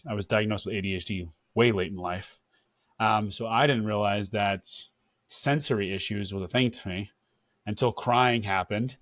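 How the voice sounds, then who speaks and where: A man's voice: fairly low pitch, dry recording, clean studio sound. A man in his thirties, a podcast host, speaking openly and reflectively about his own life. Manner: open, reflective, with fillers. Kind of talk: candid conversational storytelling.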